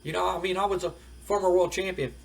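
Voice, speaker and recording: A man's voice: sits high, fairly even intonation, fast talker, gravelly, recorded from a distance, pitched above the performer's own voice, low-quality recording. A man voicing a broke former champion wrestler who stammers and pleads through tears. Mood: whiny. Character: whimpering broke male ex-champion wrestler begging.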